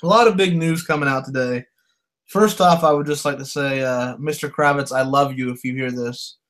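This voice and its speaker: A man's voice: mid-range voice, moderate pace, a bit bright. Laid-back joking man, sports podcast. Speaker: podcast co-host. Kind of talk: casual sports talk.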